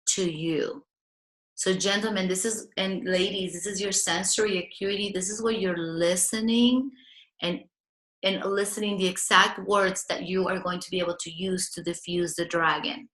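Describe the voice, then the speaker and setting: A woman's voice: mid-range voice, a bit bright, echoey room. A woman relationship coach, talking earnestly to viewers and acting out the lines they should say.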